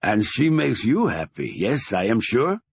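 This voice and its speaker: A man voicing a reserved, anxious mother who speaks quietly. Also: medium pitch, sing-song, measured pace, creaky, husky, full character voice. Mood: tender. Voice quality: quiet, soft-spoken. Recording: dull lo-fi recording.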